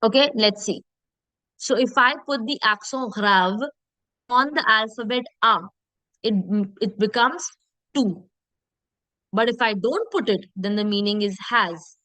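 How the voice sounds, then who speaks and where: A woman teaching French pronunciation in an online lesson, repeating sounds slowly and checking in with her class. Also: fairly high pitch, bright, forceful tone, no room sound, low-quality recording.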